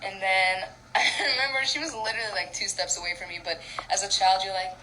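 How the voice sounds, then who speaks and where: A woman's voice: medium pitch, steady tone, a little fast, pushed and bright, slight background noise, low-quality recording. Giggly young woman chatting on a phone livestream. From Canada. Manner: giggly, rambling storyteller, lots of "like". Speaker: singer on an Instagram live. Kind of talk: casual livestream chat. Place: home.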